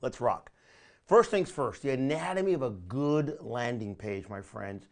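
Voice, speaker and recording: A man leading a recorded training session, talking in an energetic, coaching way and often calling listeners "my friend". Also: medium pitch, unhurried. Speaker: online marketing trainer.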